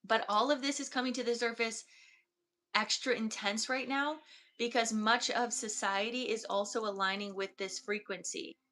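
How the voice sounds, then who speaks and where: A woman energy healer giving a slow, soft-spoken, meditative channeled reading. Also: a little high, steady tone.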